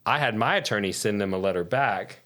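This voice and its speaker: A man who is a podcast guest, telling a long anecdote in casual, lively style and cursing freely. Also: lowish voice, brisk. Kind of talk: casual storytelling.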